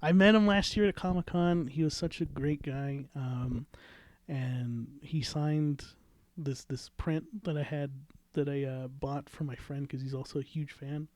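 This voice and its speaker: A man hosting a podcast in casual chat, excitable and swearing freely. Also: fairly high pitch, measured pace, no echo. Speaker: podcast host.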